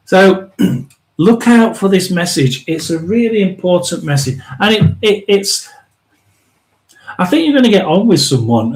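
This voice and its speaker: A man hosting a live tarot reading, rambling and emphatic, often restarting and clearing his throat. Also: sits high, a little mellow, rough recording. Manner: chatty and emphatic, drawn-out stresses. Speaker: tarot reader and live stream host.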